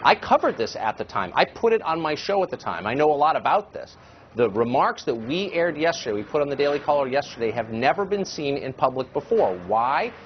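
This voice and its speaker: A man's voice: a little high, sing-song, a little fast. Emphatic man arguing on cable news. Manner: insistent, emphatic, argumentative. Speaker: political commentator guest. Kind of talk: heated cable news debate. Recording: slightly dull broadcast audio with faint noise.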